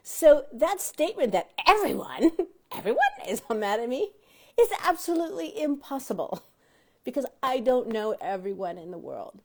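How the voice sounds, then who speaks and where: A woman's voice: fairly high pitch, moderate pace. A woman hosting a motivational self-help talk show, teaching an audience and often asking them questions directly. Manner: animated, addresses listeners directly with questions; acts out quoted dialogue in varied voices.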